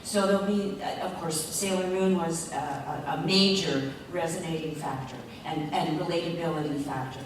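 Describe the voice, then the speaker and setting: A woman voice actor speaking on a convention panel, reflective and halting, with pauses and fillers. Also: low voice, steady tone, background noise. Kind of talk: panel talk. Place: large convention hall. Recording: echoey hall, mic far off.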